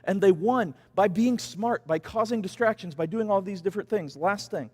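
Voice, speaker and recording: A man's voice: high voice, moderate pace, darkish tone. A man leading a church youth group, casually rambling through a Bible story and acting out the people in it. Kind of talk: youth devotional talk. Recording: long church reverb.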